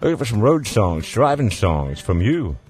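A man's voice: fairly low pitch, very animated, normal speed, a little mellow, soft background music. A man hosting a call-in radio show, chatting casually with callers in an easygoing, joking way and chuckling often.

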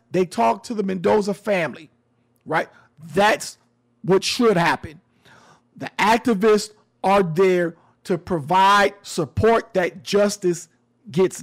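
A man's voice: high voice, vocal fry. A man giving casual commentary on a news story, talking to his audience in a conversational, emphatic and sometimes sarcastic way. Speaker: commentary host.

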